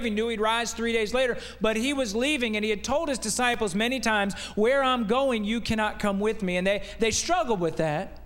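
Man, guest preacher, high voice, folksy conversational sermon, rhetorical questions, long reverb of a church hall. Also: fairly bright tone. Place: church sanctuary.

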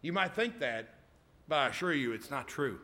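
A man's voice: mid-range voice, animated, normal speed, pushed and bright. A middle-aged man preaching a sermon, often stopping to ask "amen?" of the congregation. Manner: emphatic call-and-response, repeated "amen?".

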